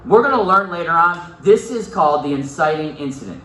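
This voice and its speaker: A male teacher reading a novel aloud to his class, animated, repeating key points and putting questions to the students. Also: a little high, a little fast. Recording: echoey classroom, mic far off, faint noise.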